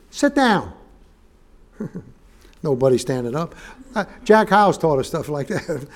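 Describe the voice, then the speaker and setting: Folksy man preaching, bright high voice, joking asides, emphatic scripture. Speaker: guest preacher. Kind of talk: sermon. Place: church sanctuary.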